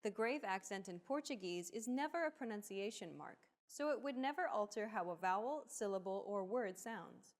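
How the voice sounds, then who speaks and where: A woman with a mid-range voice reads lesson explanations from a script. Her delivery is even and explanatory, and she walks through each point steadily. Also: medium pitch, normal speed, few pauses. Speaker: lesson narrator.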